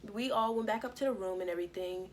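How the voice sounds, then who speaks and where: A woman's voice: medium pitch, fast, a little hiss or hum. Young woman telling a profane storytime. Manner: casual, profane, animated storytelling. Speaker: vlogger. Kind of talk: storytime vlog.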